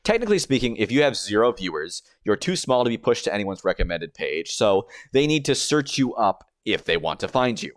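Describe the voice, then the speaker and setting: A young man talks through a scripted video essay in an explanatory, step-by-step way. His voice sits a little low, and the recording is dry and close, with no room sound. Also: big pitch swings, fairly quick, few pauses, no echo. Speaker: streamer and YouTuber.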